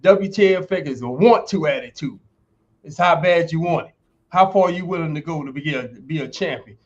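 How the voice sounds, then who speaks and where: In a slightly high voice and at a fairly quick clip, a retired football player turned university lecturer, now in his sixties, recounts stories for a podcast interview. He comes across as emphatic and folksy, like a motivational coach, and the audio is dull.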